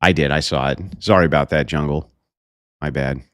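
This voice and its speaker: A man's voice: rumbling low, fairly even intonation, a little fast, no echo. A man hosting a livestream who reacts in a combative, sarcastic way and swears freely. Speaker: livestream host.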